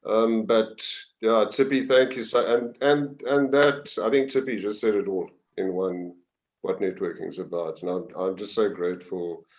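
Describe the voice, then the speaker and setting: A man's voice: lowish voice, steady tone, moderate pace, a little hiss or hum, poor audio. A man in a casual online chat, speaking with emotion and gratitude. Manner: emotional, grateful.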